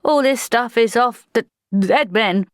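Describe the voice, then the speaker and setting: A woman's voice: on the high side, measured pace, no echo, studio quality, voice pushed up, lightly acted. A woman voicing a nervous young male recruit who stammers and trembles as he speaks. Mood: shaky.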